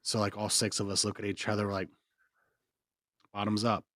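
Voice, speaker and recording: Young midwestern man, low voice, dry close mic, rambling podcast storyteller. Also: completely flat delivery, very fast, a bit bright, no echo. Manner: rambling, laughs mid-story. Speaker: podcast co-host. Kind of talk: casual storytelling chat.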